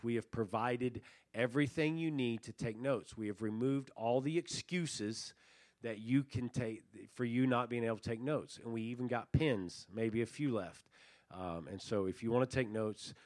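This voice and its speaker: A man's voice: lowish voice, no room sound, clean studio sound. A male pastor preaching a sermon to his congregation in a loose, conversational way, with fillers and restarts, building intensity as he retells a story. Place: church sanctuary.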